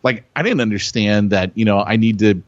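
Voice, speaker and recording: Male podcast co-host, animated storyteller, slightly lo-fi dry audio. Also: lowish voice, a little fast, dry recording. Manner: excitable, acts out quotes loudly, repeats himself.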